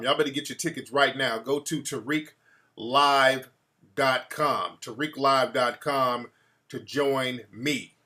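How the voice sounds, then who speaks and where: A man chatting casually to his live-stream audience. His voice is bright and forward, and he talks in a relaxed, slangy way, greeting viewers and giving shout-outs as he goes. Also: mid-range voice. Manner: laid-back slangy talk with many shout-outs. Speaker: livestream host.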